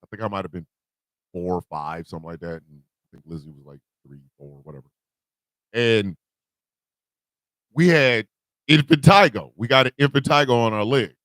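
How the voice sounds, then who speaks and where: A man's voice: fairly low pitch, normal speed, long pauses, dry recording, studio quality. A man hosting a morning radio show, telling a loose, profane story with laughter and acted-out family lines. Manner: animated, laughing, swearing, acts out his family members. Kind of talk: casual storytelling monologue.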